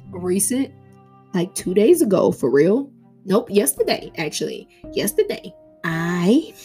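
Chatty woman podcaster telling stories, laughing. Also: fairly low pitch. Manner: animated, laughs often, rambling with restarts. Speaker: podcast host. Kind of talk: casual storytelling monologue.

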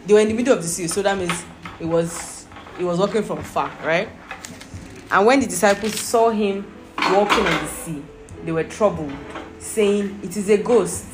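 A woman's voice: medium pitch, moderate pace, over music. A woman teaching a Bible study, reading scripture aloud and explaining it patiently, asking her listeners questions.

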